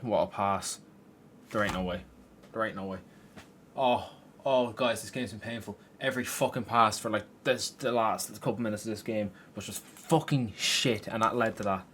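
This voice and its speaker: A young man narrates his own football game from his bedroom in a fairly low voice. He keeps breaking into frustrated, sweary outbursts at the players and the game. A faint hum of keyboard typing sits behind him. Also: normal speed, a bit bright. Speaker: gaming YouTuber. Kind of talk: gameplay commentary. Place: his room at home.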